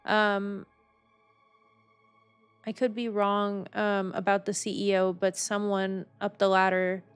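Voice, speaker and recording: A woman's voice: mid-range voice, takes it slowly, clean tone, soft background music. A woman streaming a game in casual chat, ranting with lots of swearing and breaking into shrieks. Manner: excitable, profane, ranting; bursts into shrieks.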